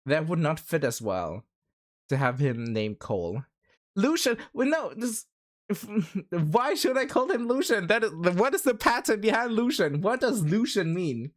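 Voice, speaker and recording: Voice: mid-range voice, sing-song, a little slow. A livestreamer chatting casually with viewers, rambling with many fillers and laughing often. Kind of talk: casual stream chat.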